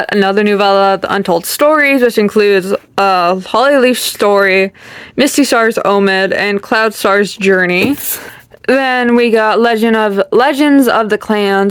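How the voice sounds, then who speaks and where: Slow-talking rambly young woman. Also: mid-range voice, clear, resonant tone, dry recording. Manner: chatty and rambling, giggling, trailing off with ums. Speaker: channel host. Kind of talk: casual bookshelf tour.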